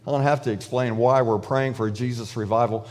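A man's voice: medium pitch, fairly even intonation, brisk, a little mellow, big-room sound. A man preaching a sermon in a loose, conversational way, with frequent restarts and fillers, acting out prayers in paraphrase. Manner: acts out prayers and God's replies in paraphrase. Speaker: pastor.

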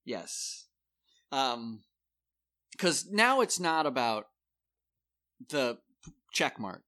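Bright-voiced man telling a story. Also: medium pitch, extremely slow. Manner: animated storyteller, acts out quoted people. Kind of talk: casual storytelling chat.

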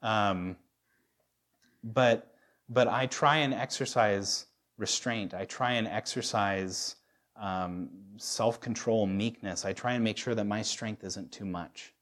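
A man's voice: lowish voice, slow pace, fairly bright tone. Male pastor, thirties, candid sermon, self-deprecating, restarts sentences. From United States.

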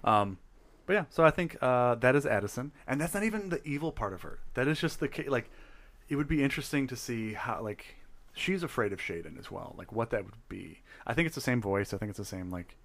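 A man's voice: mid-range voice, animated, fairly quick, fairly bright tone. Tipsy young guy cohosting, rambly, laughs a lot, medium voice. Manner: rambling, laughs often, trails off. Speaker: podcast co-host. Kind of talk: casual chat.

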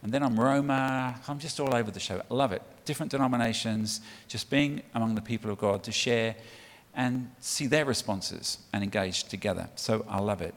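A man's voice: medium pitch, normal speed, hardly any pauses. A middle-aged man from England speaking as a guest preacher to a church, chatty, with many ums and restarts. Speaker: guest speaker for a child sponsorship charity. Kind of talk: sermon talk to a church congregation. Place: church hall. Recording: long reverb of a large hall.

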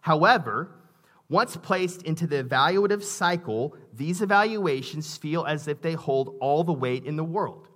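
A male pastor delivering a sermon in a relaxed, conversational tone, often circling back on his own words. His voice sits a little higher than most men's. When he reads scripture aloud, he leans into it with emphasis. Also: normal speed. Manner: conversational preaching with frequent restarts and asides.

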